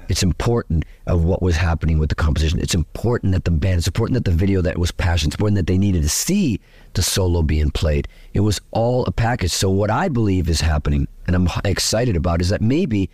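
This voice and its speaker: A middle-aged man with a notably low voice tells stories in a casual interview. He speaks excitably and slips into the voices of the people he quotes. The sound is dry and close, with no room around it. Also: slightly rough, dry recording. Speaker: guitarist interviewed after a festival gig. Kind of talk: animated casual interview talk.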